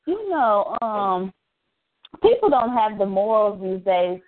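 A woman's voice: mid-range voice, big pitch swings, takes it slowly. A woman co-hosting a radio talk show, chatting casually with frequent agreeing interjections. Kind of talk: casual chat. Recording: tinny phone-like sound.

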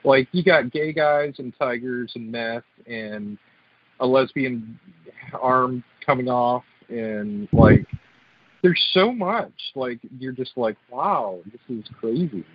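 A man co-hosting a podcast in casual chat, blunt and excitable. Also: medium pitch, takes it slowly, dry recording. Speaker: podcast co-host. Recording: dull lo-fi recording.

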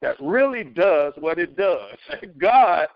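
A middle-aged man on a community call, telling a story as a testimony, animated, with many restarts. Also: on the high side, slow pace, no room sound, highs cut off. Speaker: caller sharing a testimony. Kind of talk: casual spoken testimony.

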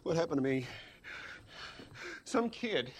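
A rattled backwoods man in a movie scene. His high, lively voice hurries to soothe a panicked friend. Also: takes it slowly, heavily acted. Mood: shocked. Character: rattled rural man trying to stay calm. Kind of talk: film dialogue.

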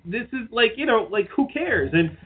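High-voiced man on a tinny line. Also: big pitch swings, moderate pace, slightly rough. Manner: profane, rambling, mocking asides. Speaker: podcast co-host. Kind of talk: casual chat.

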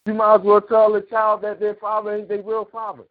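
This talk show host has a high-pitched voice and talks fairly quickly, yet his delivery is completely flat even as his opinionated monologue rants heatedly and preachily. Sarcastic rhetorical questions and profanity pile up, all through tinny, phone-like audio.

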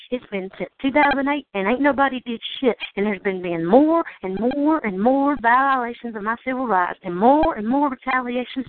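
A woman from Georgia with a Southern accent, delivering an indignant, sarcastic rant and swearing freely. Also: on the high side. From Georgia, United States. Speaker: host of a call-in show. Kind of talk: angry monologue. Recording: tinny phone line.

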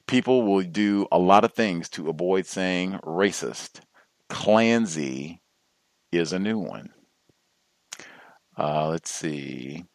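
A man with a low, deep voice hosts a call-in radio show. He talks at a measured pace, filling gaps with pauses and drawn-out "uh"s. The sound is dry and close, with no room around it. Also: no room sound. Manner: measured, trailing off with frequent "uh"s. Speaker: host.

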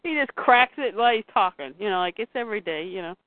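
A woman's voice: medium pitch, animated, fast, no echo. A woman co-hosting a casual chat, retelling comic scenes and reading the dialogue aloud. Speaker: comics podcast co-host. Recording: tinny phone-like line, dry.

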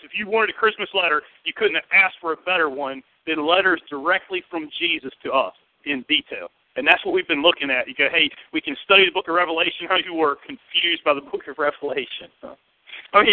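A man with a Southern US accent preaching a sermon to his church, lively and joking in a conversational way. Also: high-pitched, dry recording. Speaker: pastor. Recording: tinny, phone-like and dry.

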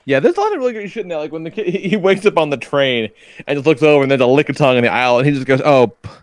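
A man's voice: a little high, very fast, no echo, clean studio sound. A man in his thirties, a podcast host telling stories in a loose, profane casual chat. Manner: profane, animated storyteller.

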